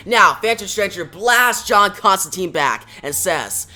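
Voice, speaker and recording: A man's voice: a little high, expressive, normal speed, pushed and bright. A man reviewing a comic issue, retelling it in a plain play-by-play.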